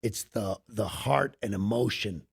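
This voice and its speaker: A middle-aged man, an actor, chatting as a podcast guest in an emphatic, affirming way with a gravelly voice. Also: on the low side, dry recording, studio quality. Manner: emphatic and affirming, lots of quick agreement. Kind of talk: casual interview chat.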